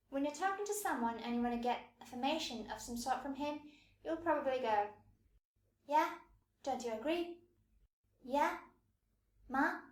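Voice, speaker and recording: Woman teaching pronunciation, high voice, patient and clear, bit of room echo. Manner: clear, patient, demonstrates sounds slowly. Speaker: language teacher. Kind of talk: scripted pronunciation lesson.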